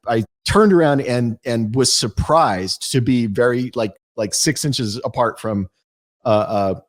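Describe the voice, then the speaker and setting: A man co-hosting a podcast, chatting casually in a wry, self-deprecating way. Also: medium pitch. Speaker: podcast co-host. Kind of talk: casual chat.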